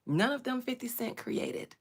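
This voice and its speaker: A woman's voice: fairly high pitch, lively intonation, a little slow, husky. A woman hosting a livestream, giving chatty commentary and often dropping into whispered asides. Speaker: livestream host. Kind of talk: casual commentary.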